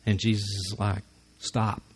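A man's voice: lowish voice, animated, measured pace, darkish tone, a little hiss or hum. A man preaching a conversational sermon who acts out the lines he quotes.

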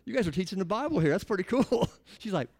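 A man's voice: sits high, very animated, fast, creaky, darkish tone. A middle-aged man preaching a conversational sermon to a church congregation, often putting questions to the listeners. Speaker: pastor.

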